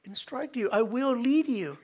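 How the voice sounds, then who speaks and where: A man's voice: very high-pitched, animated, unhurried, slightly rough. A man preaching a sermon as pastor, earnest and repetitive, stumbling into restarts and acting out short quoted prayers. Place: church hall.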